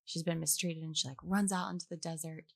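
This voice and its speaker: Animated woman with a gravelly low voice. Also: quick pace, no echo, studio quality. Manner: animated, acts out quoted voices. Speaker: guest, actress. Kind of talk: casual faith conversation.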